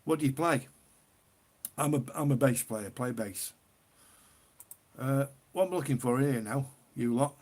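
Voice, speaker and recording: A northern English man hosts a relaxed livestream in an unhurried, drawn-out way. His voice is slightly husky. He chats with his viewers, reads their comments aloud and laughs often. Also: medium pitch. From northern England. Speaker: livestream host. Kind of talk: casual livestream chat.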